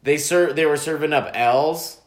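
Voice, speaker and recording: A man's voice: fairly high pitch, normal speed, echoey room. A man co-hosting a casual sports podcast, teasing his buddy with dry wisecracks. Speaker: podcast co-host.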